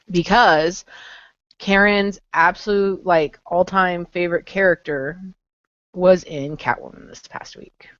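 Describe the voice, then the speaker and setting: A woman's voice: lowish voice, no room sound. A woman hosting a casual chat about comics with friends over a video call, asking probing questions. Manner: chatty, asks probing questions. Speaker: host. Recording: dull lo-fi online call.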